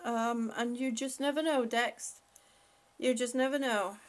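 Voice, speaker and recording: With a fairly high pitch and fairly steady intonation, this woman speaks at a measured pace. She hosts a casual live stream from her house, rambling, laughing a lot, and chatting with her pets.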